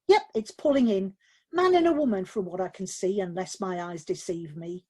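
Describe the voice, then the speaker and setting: A woman voicing a calm, observant man who keeps up a matter-of-fact running commentary. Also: medium pitch, normal speed, husky, natural voice.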